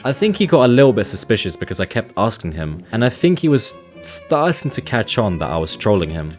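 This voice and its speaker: A man's voice: lowish voice, sing-song, fairly quick, hardly any pauses, faint music behind. A young man telling a comedic story in a playful, wry way. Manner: playful, wry, reads out chat messages. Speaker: vlogger.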